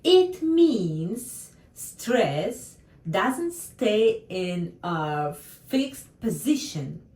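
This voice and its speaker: A woman with a Russian accent teaches pronunciation at a very slow, deliberate pace, leaning hard on key words. Her pitch rises and falls widely as she models each example. She sits a little away from the mic in a room with a noticeable echo. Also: very animated, a little mellow. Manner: slow, careful, emphatic, with non-native English grammar slips. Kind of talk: online grammar lesson.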